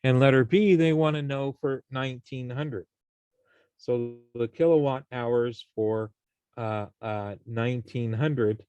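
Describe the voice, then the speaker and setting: A man's voice: mid-range voice, slow pace, a little mellow, clean tone, no room sound, highs cut off. A man teaching a college algebra class, explaining each step and checking in with his students. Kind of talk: classroom math lecture.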